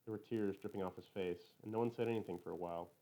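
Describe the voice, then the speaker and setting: A man reading a first-person novel aloud in a plain, literal, even manner. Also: deep voice, fast talker, low-quality recording. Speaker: audiobook reader.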